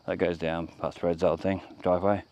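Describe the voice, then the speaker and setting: Deep-voiced Australian man rambling outdoors. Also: little pitch movement, normal speed, a little mellow, dry recording, highs cut off. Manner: meandering, off-the-cuff, trails off mid-sentence. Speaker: walking-tour vlogger. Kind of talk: rambling walk-and-talk commentary. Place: outdoors on a rural roadside.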